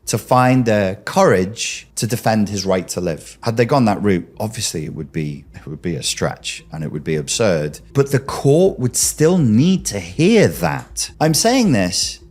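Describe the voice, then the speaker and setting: A man's voice: lowish voice, lively intonation, unhurried, few pauses, darkish tone. A man hosting a commentary, arguing emphatically and throwing rhetorical questions straight at the listener. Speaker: commentary host. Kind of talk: argumentative commentary.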